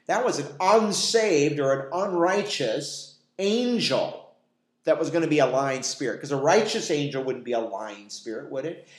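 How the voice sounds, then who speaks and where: In an echoey church meeting room, a Bible teacher with a slightly high voice leads a conversational Bible study for a small group. His manner is folksy as he poses rhetorical questions and acts out quoted dialogue.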